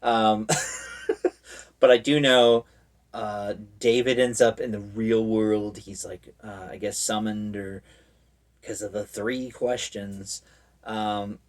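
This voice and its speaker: A man's voice: lowish voice, recorded from a distance. A man giving a casual, rambling recap of a horror movie, full of fillers and wry asides.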